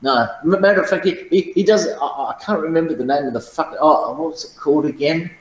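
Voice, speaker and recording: A man's voice: a little high, a little fast, roomy sound, poor audio. A man telling profane, boastful stories in casual chat, often laughing at his own tales. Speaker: channel host.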